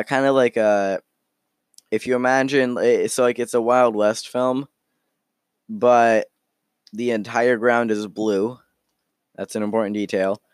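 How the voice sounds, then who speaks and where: A man's voice: on the low side, clear, resonant tone, no echo, clean studio sound. A man narrating as game master of a tabletop game, rambling and full of fillers.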